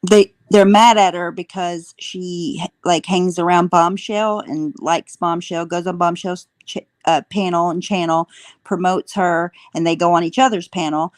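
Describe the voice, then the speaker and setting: A woman's voice: on the low side, steady tone, measured pace, no echo. A woman co-hosting a live stream, reading chat aloud and gossiping about the drama. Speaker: co-host.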